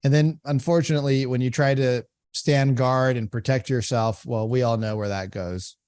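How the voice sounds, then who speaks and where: A man's voice: mid-range voice, fairly even intonation, moderate pace, darkish tone, clean tone, no room sound. A man hosting a podcast, explaining sales-call technique in a coaching tone and often asking "right?". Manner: explanatory, repeats phrases, frequent "right?". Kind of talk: coaching commentary.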